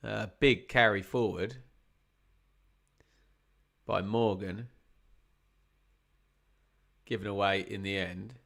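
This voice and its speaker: A man's voice: on the low side, slow, gravelly, long pauses. A man doing chatty live commentary on a football match for a watch-along stream. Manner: chatty, wry asides, gets excited at chances.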